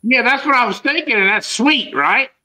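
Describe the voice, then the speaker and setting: A man's voice: very high voice, animated, moderate pace, bright, forceful tone, low-quality recording. A man joking and laughing through casual live-show banter.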